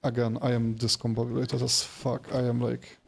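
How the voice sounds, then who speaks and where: A man's voice: medium pitch, completely flat delivery, moderate pace, vocal fry, a little hiss or hum. A man streaming a game after work, tired and rambling, chatting casually with viewers and swearing freely. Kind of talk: casual gaming livestream chat.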